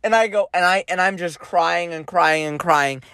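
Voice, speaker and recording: A man's voice: high-pitched, normal speed, vocal fry, smooth, dry recording. A man co-hosting a podcast, telling a family story in casual chat and acting out relatives' lines in quoted voices. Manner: animated, acts out family members in quoted voices. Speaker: podcast co-host.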